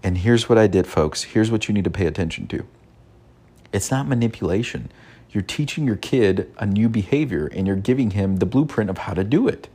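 A father earnestly shares a personal parenting story, frequently repeating and restarting his phrases and dropping soft quoted asides as he gives advice. His voice is on the low side and slightly rough, with lively intonation and a brisk pace.

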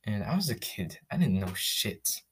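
A young man from the Philippines hosting a podcast, telling his own story in a casual, candid, profane way with quick restarts. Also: lowish voice, big pitch swings, breathy edge. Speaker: podcast host.

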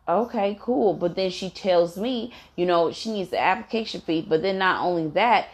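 A woman's voice: on the low side, normal speed. A woman telling a casual storytime rant about her landlord and rent, blunt and swearing freely, with lots of "you know" and "um". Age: adult with a daughter.

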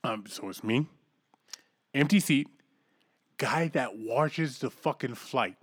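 Male podcast co-host, raw and animated, swears freely, voices the people in his stories; dry room. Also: medium pitch, takes it slowly, slightly rough, dry recording. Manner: profane, animated, acts out other people's lines. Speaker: podcast co-host telling a story. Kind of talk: casual storytelling chat.

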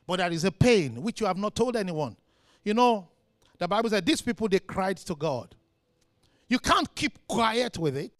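Male pastor preaching, very high lively voice, shouts then goes quiet, dry sound. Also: no echo. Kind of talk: sermon.

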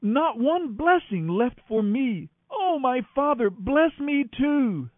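A man's voice: sits high, very animated, normal speed, no echo, phone-quality sound, voice pushed up. A man voicing a desperate young man who pleads with his father, in a dramatic scripture reading heard over a radio broadcast. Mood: anguished. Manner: pleading, anguished.

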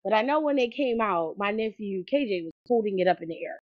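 A woman co-host chatting casually in an enthusiastic, rambling way at a middle pitch. Her recording sounds dull and dry, with no room echo. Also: expressive, fairly quick. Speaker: podcast co-host. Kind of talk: casual chat.

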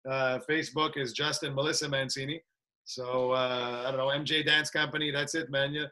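Fight trainer guy on a podcast, quick and bright, laid-back and laughing a lot. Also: medium pitch, little pitch movement. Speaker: guest, combat sports trainer. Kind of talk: casual interview chat.

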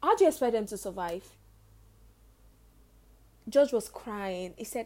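A woman's voice: medium pitch, lively intonation, a little slow, pauses often, darkish tone. A young woman hosting her own podcast, talking earnestly and emotionally, often repeating phrases for emphasis. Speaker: podcast host. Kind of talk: personal podcast monologue.

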